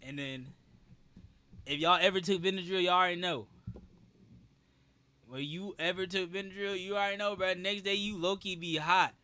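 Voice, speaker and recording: A young man with a bright, forceful voice sitting a little high for a man tells a story in a loose, casual way. He is animated and emphatic, swearing freely for effect. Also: normal speed, pauses often, clean tone. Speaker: streamer.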